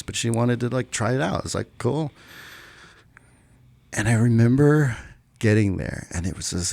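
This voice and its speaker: A middle-aged man, a podcast guest, telling a personal story casually, with animated bursts when he quotes himself and others. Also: on the low side, gravelly, dry recording.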